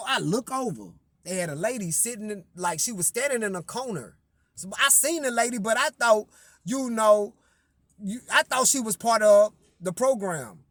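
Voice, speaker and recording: Animated, profane storytelling man. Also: no echo. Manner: animated, swings between loud outbursts and low asides; slangy, profane, addresses listeners directly. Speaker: singer-songwriter telling a personal story. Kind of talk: casual storytelling monologue.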